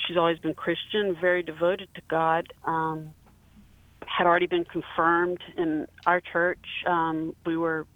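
A woman in her fifties from South Carolina calling in to a show, telling a personal story haltingly with many fillers and restarts. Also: on the low side, no room sound. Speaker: caller. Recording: tinny phone line.

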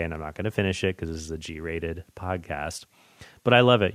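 A man in his thirties hosts a podcast in a low voice and talks with eager enthusiasm. He jumps between excited tangents in a casual way. The sound is very dry and close, with no room echo. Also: brisk, clean tone. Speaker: podcast host. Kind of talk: casual movie chat.

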